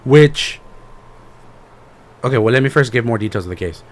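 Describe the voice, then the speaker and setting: A man's voice: mid-range voice, lively intonation, normal speed. A man co-hosting a podcast in casual chat, rambling and slangy, with lots of fillers. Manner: rambling, laid-back retelling with lots of fillers; slangy, says "bro". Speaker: podcast co-host.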